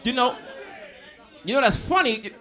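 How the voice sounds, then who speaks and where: Male stand-up in his thirties, New York accent, swooping pitch, loud crowd work, live club. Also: expressive, measured pace. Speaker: stand-up comedian. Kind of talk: stand-up comedy set. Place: comedy club stage. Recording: live room with audience. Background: audience laughter.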